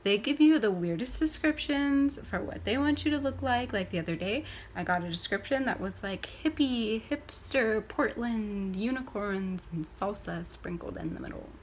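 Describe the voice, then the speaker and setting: A young woman vlogger telling a story casually to the camera, acting out her own reactions with big swings between soft and loud. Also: medium pitch, lively intonation, normal speed, hardly any pauses, a little hiss or hum.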